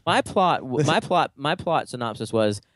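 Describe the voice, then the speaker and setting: A man's voice: fairly high pitch, lively intonation, moderate pace, fairly bright tone, no room sound. A man co-hosting a casual horror-movie podcast, chiming in with joking asides. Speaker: podcast co-host. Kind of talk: casual film discussion.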